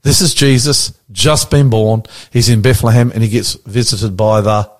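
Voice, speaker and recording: A man's voice: on the low side, steady tone, moderate pace. An Australian pastor leading a conversational Bible study, animatedly quizzing his co-host with questions.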